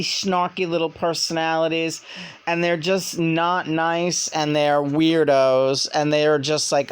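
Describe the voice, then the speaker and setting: A woman's voice: sits low, smooth. A woman vlogger and spirit medium telling stories in a casual monologue, rambling with many restarts.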